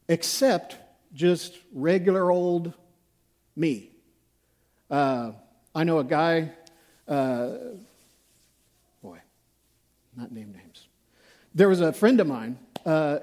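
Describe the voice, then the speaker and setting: A man's voice: fairly high pitch, mellow. A male pastor preaching a sermon in a conversational, self-deprecating way, acting out examples as he goes.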